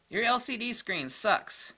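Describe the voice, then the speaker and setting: Exasperated man ranting, bright lively voice. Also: high-pitched. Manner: exasperated, sarcastic, mocks others in put-on voices. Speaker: photography vlogger. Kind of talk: ranting monologue.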